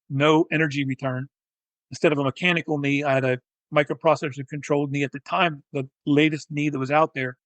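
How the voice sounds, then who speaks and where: A man, a physical therapist and educator, telling his story in a technical, animated way as an interview guest. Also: a little high, dry recording, poor audio. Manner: technical, animated, acts out quoted dialogue. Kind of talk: conversational storytelling.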